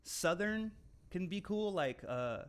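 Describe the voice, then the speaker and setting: A man's voice: high voice, animated, slow, clean tone. A man from California co-hosting a casual podcast, rambling and swearing freely as he jokes about accents. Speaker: podcast co-host. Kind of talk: casual profane chat.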